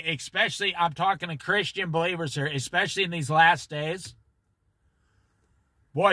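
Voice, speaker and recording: A man's voice: a little high, pushed and bright, dry recording. A man leading an informal Bible study, preaching emphatically and talking straight to his listeners.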